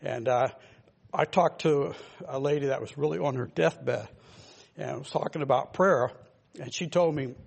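Gravelly older man preaching. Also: medium pitch, normal speed. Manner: rambling, emphatic preaching with asides to listeners. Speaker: pastor. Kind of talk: informal sermon.

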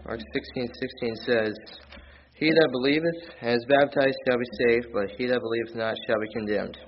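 A man's voice: mid-range voice, fairly even intonation, moderate pace, muffled recording, slight background noise. Earnest man preaching a plain sermon. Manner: earnest, plain-spoken, rising loudly on key points. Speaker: lay preacher. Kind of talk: sermon with scripture reading. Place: church.

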